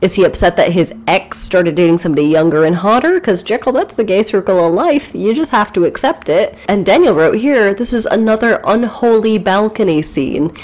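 A woman with a mid-range voice co-hosts a relaxed book-discussion podcast. She keeps up a stream of sarcastic jokes and animated asides. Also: mid-range voice, fairly quick, hardly any pauses. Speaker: podcast co-host.

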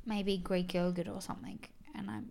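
A young Australian woman co-hosting a podcast in casual, rambling chat, often trailing into soft asides. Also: medium pitch, level tone, moderate pace, creaky. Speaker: podcast co-host.

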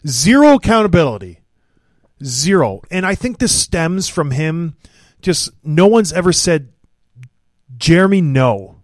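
A man's voice: a little high, very animated, a little slow, no room sound. Blunt, ranting male podcast host. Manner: blunt, opinionated, mocking ranter. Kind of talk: casual hockey podcast chat.

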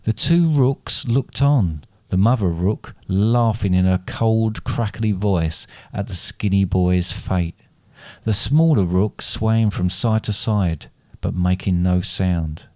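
A man with a fairly low voice reads his own grim fairy tale in a steady, deliberate storybook manner. The sound is dry and close, with no room around it. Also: no room sound. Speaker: storyteller and co-host.

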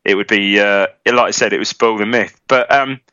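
A man's voice: lowish voice, fairly even intonation, normal speed, bright, forceful tone, clear, resonant tone, no echo, dull audio. A man from England co-hosting a casual football podcast, eagerly chiming in and prompting his co-host. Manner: eager interjector, keeps prompting the other host.

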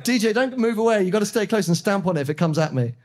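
Chatty man, higher voice. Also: lively intonation, very fast, darkish tone. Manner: chatty, laughing, jokey storytelling. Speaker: podcast co-host. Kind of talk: casual chat before a live audience.

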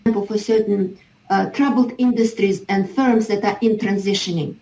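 A woman's voice: medium pitch, steady tone, normal speed, mellow, roomy sound, poor audio. A woman speaking hesitantly about policy, with fillers and restarts, played from an archive clip.

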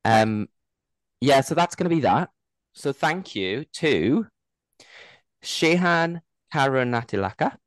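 A man's voice: medium pitch, big pitch swings, takes it slowly, pauses often, no room sound. A young man from Newcastle with a Geordie accent, co-hosting a casual, joking chat podcast. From Newcastle, England. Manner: jokey, laughs often, playful. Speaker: podcast co-host.

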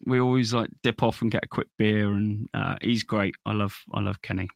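A man's voice: lowish voice, fairly even intonation, brisk, creaky, no echo. A man, a guest musician, telling stories in a casual podcast interview, laughing often and swearing casually.

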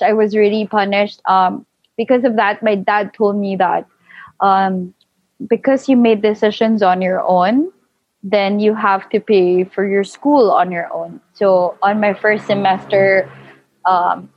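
A young woman telling a personal story in casual chat, full of fillers and animated quoting. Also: mid-range voice, slow pace, no room sound. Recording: dull lo-fi, dry.

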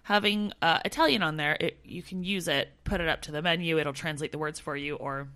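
A woman's voice: deep voice, fairly quick, a bit bright. A woman co-host in casual chat, explaining tips in a loose way with many fillers. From not from the country she now lives in. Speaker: podcast co-host.

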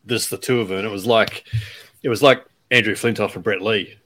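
A man's voice: fairly low pitch, steady tone, fairly quick, fairly bright tone. A man hosting a rugby podcast, chatty and easygoing, who laughs easily and steers the talk. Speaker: rugby writer, podcast host. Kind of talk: casual podcast chat.

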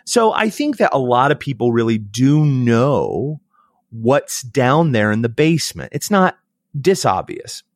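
Animated storytelling man. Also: mid-range voice, unhurried, no echo, clean studio sound. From United States. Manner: animated, acts out quoted voices. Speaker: podcast guest. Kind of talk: reflective storytelling conversation.

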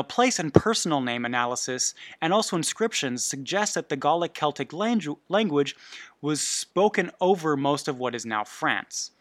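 A man's voice: on the high side, fairly bright tone, no room sound. A man hosting a history podcast, reading notes in an informal way with asides and self-corrections. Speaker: podcast host.

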